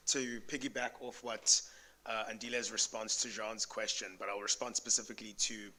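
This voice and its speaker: A man's voice: medium pitch, pushed and bright. A man from South Africa answering audience questions on a conference panel, thoughtful and conversational, often correcting himself as he goes. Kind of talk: academic panel response. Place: conference venue.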